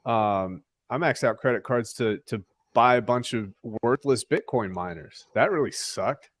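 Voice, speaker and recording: A man's voice: medium pitch, unhurried, dry recording. A man hosting a laid-back podcast, open about his own slips and easily fired up. He talks in bursts and restarts often. His voice sits in a middle range, recorded close and dry. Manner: candid, animated, restarts often. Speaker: podcast host. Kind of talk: casual crypto podcast chat.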